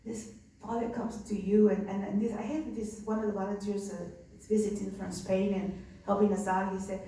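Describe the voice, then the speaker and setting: Woman, a nun, earnest storytelling, medium pitch, recorded far off in an echoey room with faint ambience. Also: flat delivery, brisk, vocal fry, mellow, a little hiss or hum. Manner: earnest, conversational with many fillers. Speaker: nun running a migrant respite center. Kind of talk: personal storytelling.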